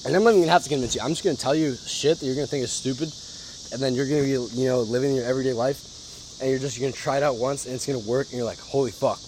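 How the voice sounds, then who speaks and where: A man's voice: medium pitch, fairly even intonation, rapid-fire, background noise. Young man, podcast host, casual motivational talk, swears a lot, laughs often, faint crickets behind. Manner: profane, emphatic, laughs often.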